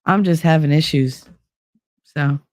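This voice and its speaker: A woman's voice: deep voice, a little slow, darkish tone, no room sound. A woman from New Jersey hosting a casual livestream, rambling and swearing as she reads chat, sleepless and frazzled. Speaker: livestream host.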